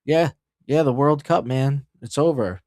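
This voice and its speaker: A man's voice: medium pitch, measured pace, a little mellow, no room sound, clean studio sound. A man hosting a casual livestream, ranting in a profane, rambling way and riffing on headlines he reads aloud. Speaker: streamer host.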